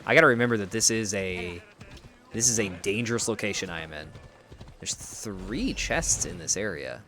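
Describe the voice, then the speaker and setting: Live gameplay commentary comes from an American man with a fairly low, animated voice that sounds pushed and bright at a normal speed. He rambles, pokes fun at himself, restarts often, and talks with his viewers while thinking aloud.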